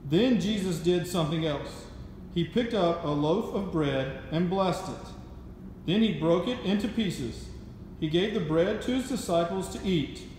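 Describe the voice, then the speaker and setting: A man narrates a school skit with plain, measured storytelling. His voice sits a bit high and rings through a large hall with a long echo. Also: lively intonation, a little mellow, a little hiss or hum. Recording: echoey hall.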